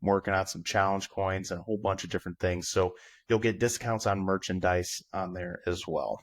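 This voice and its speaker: A male podcast host reads a direct, upbeat announcement for his listeners. His voice sits low. The recording is dry and close to the mic. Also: no echo. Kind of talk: reading a promotional announcement.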